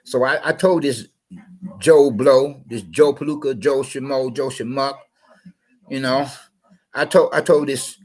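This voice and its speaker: A man's voice: medium pitch, fairly even intonation, takes it slowly, pauses often, a little mellow, poor audio. A man with a cough telling a rambling, digressive story on his channel, often repeating himself. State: coughing, under the weather. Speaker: channel host.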